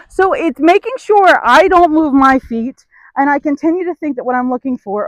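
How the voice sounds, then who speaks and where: A woman horse trainer giving a hands-on demonstration, explaining to the camera as she works a horse and softly praising it between points. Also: high-pitched, lively intonation, moderate pace, dry recording, rough recording. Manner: talks to the camera while working a horse, with soft praise between.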